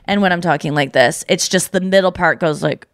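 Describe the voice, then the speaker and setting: A woman podcast host with a gravelly voice, talking candidly in a casual chat and playing with her pitch. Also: brisk, no room sound, clean studio sound. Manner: shifts pitch to demo voice technique, voice-trained; candid, swears.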